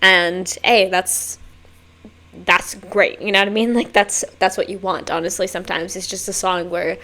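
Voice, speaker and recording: Excitable woman reacting with squeals and swearing. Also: mid-range voice, moderate pace. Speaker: music video reaction host. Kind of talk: casual reaction commentary.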